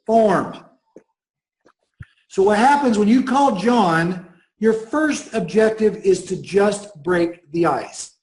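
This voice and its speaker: A middle-aged man leads a sales training session. He speaks in a notably high voice with bold, energetic emphasis and a pushy enthusiasm. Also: slow pace, reverberant, rough recording. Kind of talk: training seminar talk.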